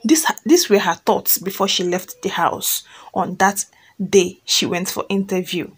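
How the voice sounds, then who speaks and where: A woman's voice: medium pitch, steady tone, unhurried, slightly rough. A woman who reads a fan story aloud and then retells it chattily, often checking in with listeners and repeating herself.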